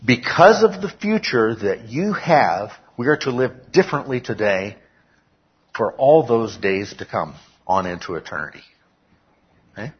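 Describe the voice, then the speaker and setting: Husky male pastor preaching. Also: medium pitch, very animated, unhurried, muffled recording. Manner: peppers talk with "okay?", rises to emphatic shouts. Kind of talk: sermon. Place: church.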